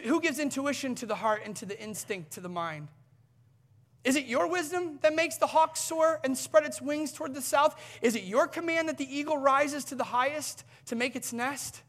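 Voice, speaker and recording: A man's voice: very high voice, normal speed, fairly bright tone, pitched above the performer's own voice. A man preaching, reading aloud the words of God as a mighty, commanding voice firing challenging questions at a man.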